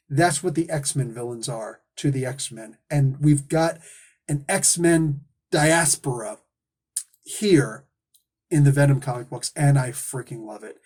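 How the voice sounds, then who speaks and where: A man's voice: fairly high pitch, a little mellow. A man hosting a casual comic book review, talking in an enthusiastic, rambling, casually profane way.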